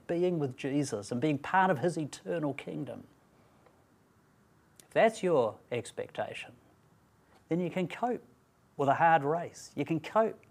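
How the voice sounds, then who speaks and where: A man giving a Bible talk at a student training event, speaking deliberately and emphatically and asking rhetorical questions. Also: on the high side, a little mellow.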